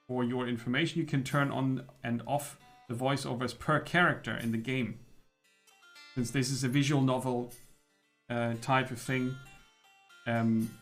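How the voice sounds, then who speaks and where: A man streaming live gameplay, chatting casually with hesitations and chuckles. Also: medium pitch.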